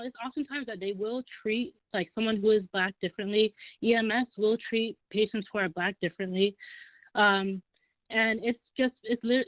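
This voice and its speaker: A woman's voice: mid-range voice, no room sound. Woman in her twenties on a tinny phone line. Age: 20s. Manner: earnest, explanatory. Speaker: caller. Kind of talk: phone-in commentary.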